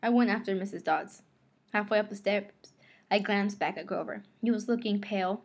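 A woman reading a novel aloud in the first person, expressive, sometimes rereading a line after a slip. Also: medium pitch. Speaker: audiobook reader.

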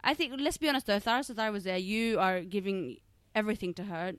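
A woman's voice: mid-range voice, quick pace, smooth, no echo. A woman co-hosting a podcast, chatting casually and teasing her co-host in a playful way. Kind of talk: casual chat.

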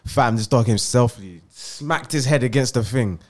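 A man's voice: mid-range voice, moderate pace. A young man, telling a story in a casual podcast chat with lots of slang and laughter. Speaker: podcast co-host.

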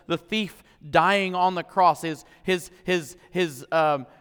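High bright-voiced male pastor preaching. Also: slow, clear, resonant tone. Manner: impassioned, swings from shouting to hushed. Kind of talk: sermon. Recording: long hall reverb.

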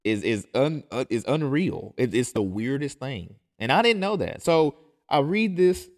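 An emphatic male pastor talks straight to his podcast listeners at a mid-range pitch. He presses his points hard and keeps circling back to them. He often stumbles and restarts in his urgency. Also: big pitch swings, measured pace. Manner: emphatic, insistent, repeats and restarts phrases. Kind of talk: impassioned podcast monologue.

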